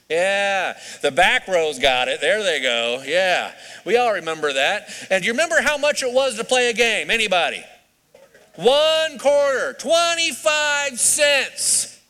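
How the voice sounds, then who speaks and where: A man's voice: high-pitched, pushed and bright. A man preaching a sermon in a conversational way, asking his congregation questions as he goes. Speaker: pastor. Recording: reverberant hall.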